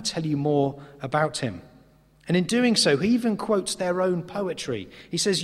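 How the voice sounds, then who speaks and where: Husky man preaching in a reverberant hall. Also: a little high, lively intonation. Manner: earnest, emphatic with pauses. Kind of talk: sermon. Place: church.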